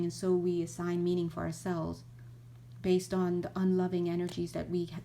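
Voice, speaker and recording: Animated woman teaching spiritual healing. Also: medium pitch. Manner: animated, acts out little scenes, many restarts. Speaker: spiritual teacher and energy healer. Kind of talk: casual spiritual teaching monologue.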